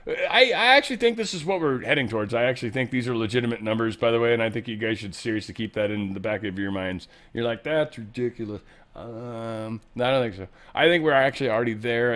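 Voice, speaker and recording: A man's voice: medium pitch, fairly bright tone. Irreverent joking man riffing on news. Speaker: show host. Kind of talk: casual news commentary monologue.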